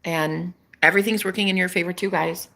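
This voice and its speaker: A woman chatting on a casual livestream as a psychic reader, animated, swearing freely and laughing often. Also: lowish voice, fairly quick.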